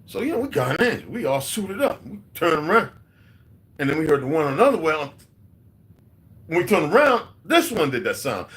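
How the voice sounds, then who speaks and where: A middle-aged man, telling loud, profane street stories to his livestream chat. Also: high voice, very animated, brisk. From New York. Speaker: livestream host. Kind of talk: casual livestream storytelling.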